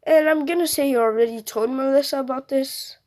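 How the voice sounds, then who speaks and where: A young woman makes up a fan-fiction story as she goes. She rambles, fills gaps with "uh" and "um", and corrects herself mid-sentence. Her voice sits fairly high. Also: fairly quick, mellow. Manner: rambling, full of fillers and self-corrections. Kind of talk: improvised fan-fiction narration.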